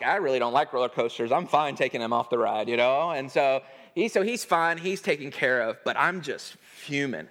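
A man's voice: a little high, a bit bright. Earnest man preaching on parenting. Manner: earnest storytelling, acting out family dialogue. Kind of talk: sermon-style teaching on parenting.

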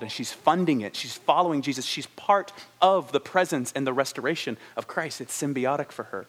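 A man preaching a sermon, telling stories with animated delivery and acting out the characters' lines, then slowing to a soft, reflective tone for his main points. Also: mid-range voice.

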